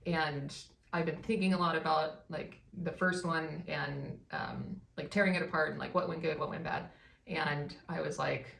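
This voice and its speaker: A woman co-hosting a vlog in casual chat, with a strong vocal fry and a rambling way of talking full of fillers. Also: sits low, steady tone, normal speed, a bit bright, a little hiss or hum. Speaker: vlog co-host. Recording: echoey room, mic at a distance.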